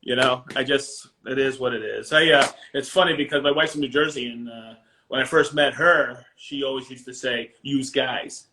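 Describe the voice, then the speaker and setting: Speaking at a moderate pace in a medium-pitched, sharp-toned voice, a middle-aged guest and finisher with a Maine accent chats casually. His talk wanders, full of fillers and frequent laughter.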